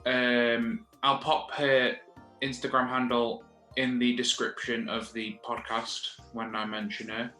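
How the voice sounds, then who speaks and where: A man's voice: medium pitch, little pitch movement, takes it slowly, bright, forceful tone, faint music behind. A man co-hosting a podcast, dry and blunt, swearing casually. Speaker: podcast co-host. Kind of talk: casual chat. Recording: echoey room.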